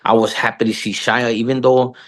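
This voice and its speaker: A man's voice: medium pitch, little pitch movement, a little fast. A middle-aged man talking as an interview guest, loose and profane, dropping "bro" constantly and restarting his sentences. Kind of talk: casual podcast interview.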